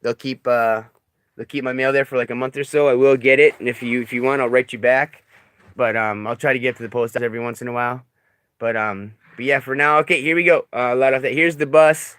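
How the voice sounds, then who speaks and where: A man talking in a rambling, halting confessional video diary, emotional as he comes off substances, often trailing off quietly. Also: medium pitch, steady tone, smooth, dry recording. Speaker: vlogger. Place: living in a stuck bus in the desert.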